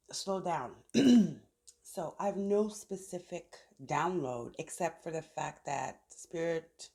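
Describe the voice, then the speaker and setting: This tarot reader has a fairly low, warm voice. She gives a relaxed reading outside in the sunshine, chatty and thinking out loud as she draws her cards.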